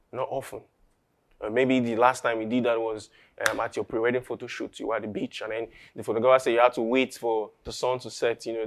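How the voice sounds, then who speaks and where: A pastor with a Nigerian English accent, preaching a sermon that builds from quiet musing to loud, emphatic declaration. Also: male voice, mid-range voice. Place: church.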